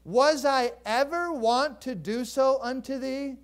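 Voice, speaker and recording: A man's voice: extremely high pitch, slow, pitched above the performer's own voice. A man doing an indignant talking donkey. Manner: indignant, nagging repeated questions. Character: exasperated talking donkey scolding its owner.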